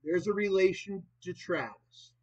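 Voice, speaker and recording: A man in his late twenties vlogging in a rambling, profane monologue that swings between loud and soft. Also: sits high, unhurried. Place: old property in the countryside. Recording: dull lo-fi recording.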